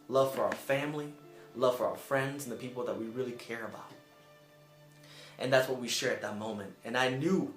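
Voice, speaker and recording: On camera in a reverberant room, a young man who served in the Peace Corps tells a personal story with earnest emotion. He acts out the people he quotes by jumping higher in pitch.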